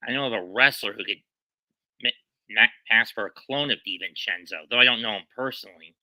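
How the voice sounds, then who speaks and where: A man co-hosting a casual basketball watch-along who talks in lively, wordy asides. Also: fairly low pitch, fairly quick, dry recording, low-quality recording. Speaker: co-host. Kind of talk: casual sports chat.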